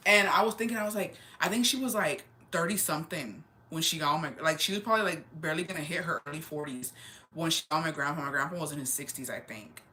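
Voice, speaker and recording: A woman in her twenties chatting casually on a livestream, slangy and animated, dropping Spanish words into her storytelling. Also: on the low side. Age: 20s. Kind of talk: casual chat.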